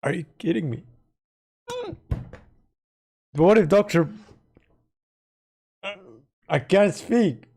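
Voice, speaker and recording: A high-pitched male voice with lively intonation, a slow pace, vocal fry, and a warm, breathy edge. He's live-streaming casual commentary, rambling through game lore, speculating, and correcting himself as he goes.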